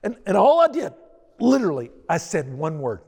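A man's voice: sits high, huge pitch swings, normal speed, gravelly, a little mellow. A man telling a self-deprecating personal story as a pastor, in a storytelling sermon style. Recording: long reverb of a large hall.

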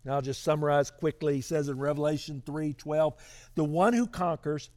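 A man's voice: on the high side, moderate pace, darkish tone. Earnest man preaching, storytelling sermon. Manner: earnest, conversational, with stammered restarts. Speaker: pastor.

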